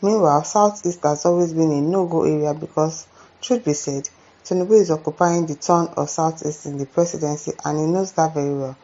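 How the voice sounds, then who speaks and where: A woman's voice: sits low, brisk, muffled recording. A woman with a Nigerian accent hosts a commentary channel, reading viewer comments aloud and reacting with exclamations and "eh?" asides. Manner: animated, exclaims and adds asides like "eh?".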